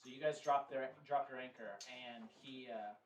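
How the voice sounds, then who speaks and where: A man's voice: medium pitch, fairly even intonation, normal speed. A man narrating a tabletop game as game master, rambling with filler words and casual swearing, recorded from afar in an echoey room with some noise. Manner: rambling, profane, laughs easily. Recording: roomy echo, distant mic, background noise.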